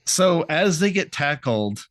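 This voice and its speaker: Male podcast co-host, animated and rambling, dry close sound. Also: fairly high pitch, slow, no echo. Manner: rambling, laughing, swearing, acting out lines. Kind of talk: casual recap of a cartoon episode.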